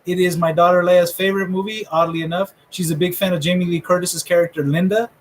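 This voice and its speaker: Brief: middle-aged male host, casual trash-talking commentary, a touch high. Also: flat delivery, quick pace, slight background noise, low-quality recording. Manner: joking, rambling trash talk. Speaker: host revealing a fantasy draft order.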